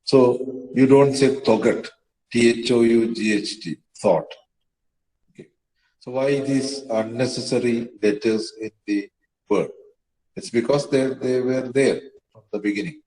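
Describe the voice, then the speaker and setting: A man's voice: mid-range voice, unhurried, warm tone, reverberant, low-quality recording. A man lecturing on the history of English pronunciation, hesitating often with fillers and spelling words out letter by letter. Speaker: teacher.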